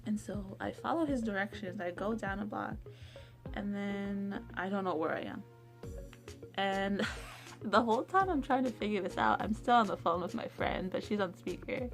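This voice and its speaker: A young woman vlogging a casual storytime, chatty, acting out quotes in a higher voice. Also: normal speed, creaky, soft background music.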